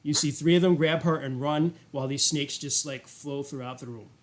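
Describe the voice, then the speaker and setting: A man's voice: a little high, steady tone, normal speed. A man narrating as game master in a tabletop role-playing game, casual with lots of fillers. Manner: casual, rambling, many fillers.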